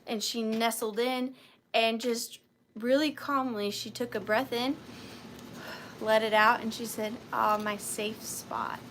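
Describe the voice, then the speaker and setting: A chatty woman in her thirties with a light Southern US accent hosts a live vintage sale. Her voice is bright and a little high, and faint hiss sits behind her. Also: fairly even intonation, measured pace, rough recording. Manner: chatty and upbeat, with high squeals. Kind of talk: casual live-stream selling chat.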